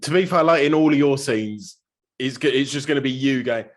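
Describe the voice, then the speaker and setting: A man's voice: medium pitch, fairly quick. Playful joking male interviewer. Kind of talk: casual interview chat.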